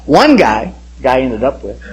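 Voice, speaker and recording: A middle-aged man, a pastor, telling his personal testimony in an animated way and acting out the voices of people he quotes. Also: mid-range voice, normal speed.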